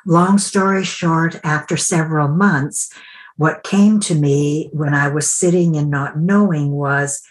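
Low, unhurried woman telling a story. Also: fairly even intonation. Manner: reflective, acts out quoted dialogue. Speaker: mentor and coach. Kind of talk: conversational interview storytelling.

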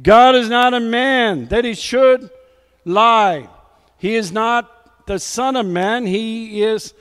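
A man's voice: sits high, in a large hall. A man preaching a sermon, reading scripture with emphasis and urging the congregation on with repeated calls of "come on". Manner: reads scripture aloud with emphasis.

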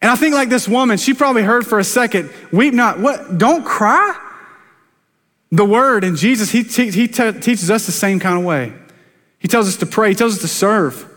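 A man's voice: high-pitched, fairly quick, fairly bright tone. A man, a pastor preaching a sermon in a conversational, self-deprecating way, often turning to ask the congregation questions. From South Carolina, US. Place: church sanctuary. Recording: long church reverb.

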